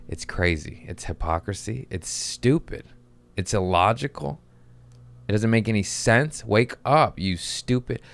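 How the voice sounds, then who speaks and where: A man's voice: sits low, clean tone. A man who is a comedian hosting his podcast, ranting in an exasperated, profane way with comic timing. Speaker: podcast host.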